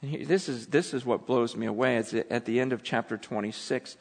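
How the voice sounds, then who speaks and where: Animated preacher man in a reverberant hall. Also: medium pitch, a little fast, husky. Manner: animated, dramatizes scripture with acted voices. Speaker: pastor. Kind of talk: sermon.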